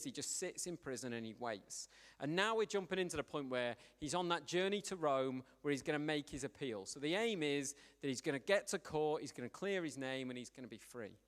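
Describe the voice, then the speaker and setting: Man preaching in a reverberant church. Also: a little high. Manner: conversational, animated storytelling. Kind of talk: sermon.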